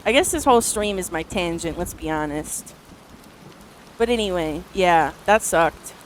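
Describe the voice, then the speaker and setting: A woman's voice: on the low side, expressive, a little slow, a little hiss or hum. A woman streamer chatting casually to her live viewers, rambling through stories with lots of filler words and casual swearing. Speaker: art streamer.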